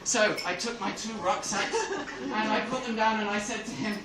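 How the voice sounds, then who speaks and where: Before a live crowd that can be heard in the background, a comedian from England tells stand-up stories at normal speed in a high voice, laughing at his own jokes. The club room sounds echoey and noisy, picked up from a distance.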